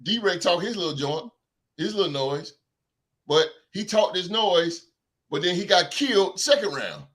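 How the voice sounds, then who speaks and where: A man hosting a sports podcast, ranting in an animated, heckling way and mocking rival fans. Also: sits high, measured pace. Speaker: podcast host. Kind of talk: sports talk rant.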